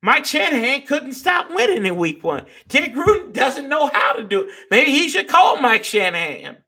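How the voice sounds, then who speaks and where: Man, sports fan show host, fired-up rant, profane, high gravelly voice. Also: big pitch swings, normal speed, pushed and bright. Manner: addresses viewers as y'all. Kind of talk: live-stream rant.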